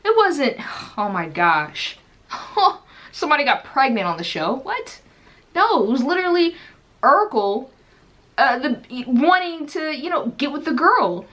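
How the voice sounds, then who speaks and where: Lively, bright-voiced young woman ranting. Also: sits high, unhurried. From United States. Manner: animated, rhetorical questions, frequent laughter. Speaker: commentator. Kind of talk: casual reaction commentary.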